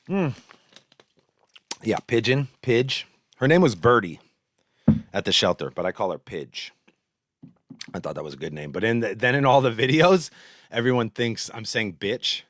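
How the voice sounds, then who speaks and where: A man's voice: low voice, animated, normal speed, long pauses, a bit bright, dry recording. Casual blunt guy in his thirties ranting about battle rap, swears a lot, dead dry recording. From San Jose, California. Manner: blunt, profane, trash-talking. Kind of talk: casual unscripted commentary.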